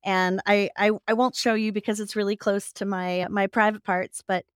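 A woman talking as an interview guest, a physician and author, telling stories with lively laughter. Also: medium pitch, moderate pace, smooth, no room sound, clean studio sound. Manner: lively storyteller who laughs and acts out quoted voices. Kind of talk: casual interview conversation.

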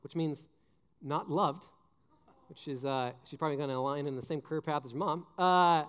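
A young man, a junior high pastor, giving a joking youth sermon full of stories, restarts and "like". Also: moderate pace, smooth, big-room sound. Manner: animated, joking, many restarts and "like".

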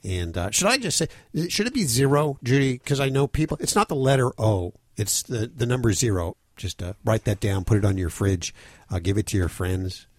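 A man's voice: on the low side, lively intonation, moderate pace, dry recording. A man hosting a pet radio show, joking easily with callers and co-hosts. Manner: jokey, easygoing, laughs with guests. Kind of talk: casual radio chat.

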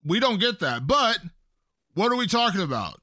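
A man with a fairly high, bright voice hosts a casual interview. He hammers home his points by repeating them, and the sound is close and dry. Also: sing-song, moderate pace, no echo. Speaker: interview host.

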